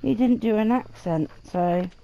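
A woman playing a video game alongside a friend, making dry teasing asides. Her voice is mellow and gravelly, and the recording sounds dull and lo-fi. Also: mid-range voice, unhurried. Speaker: co-player. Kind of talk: casual gameplay commentary.

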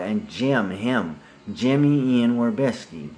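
Man, rambling profane monologue, lowish voice, skips from topic to topic. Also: moderate pace, a bit bright, faint music behind.

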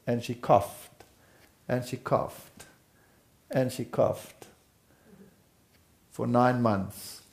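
A man's voice: mid-range voice, steady tone, gravelly, a little mellow. A middle-aged man from South Africa, earnestly recounting his family's past in a conversation. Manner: slow, earnest storytelling. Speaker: speaker telling life story. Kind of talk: personal testimony in conversation.

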